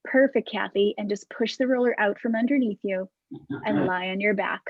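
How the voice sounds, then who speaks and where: Woman, class instructor, husky soft voice, calm cueing, dry dull video call sound. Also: mid-range voice, moderate pace, no echo. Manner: calm, soft-spoken cueing with breathy demonstrations. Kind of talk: guided exercise class over video call.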